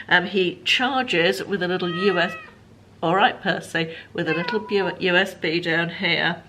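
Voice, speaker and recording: A chatty woman in her fifties from England, talking casually to camera at home. Her voice sits a little low but sounds bright and forward. Faint background noise hums under her talk. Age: 50s. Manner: chatty, warm-hearted, frequent ums and asides. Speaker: vlogger.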